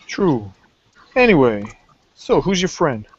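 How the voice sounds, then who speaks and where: A man's voice: a little high, very animated, slow pace, slightly rough, muffled recording, exaggerated voice. A man voicing a brash male mob boss who swears bluntly. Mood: gruff.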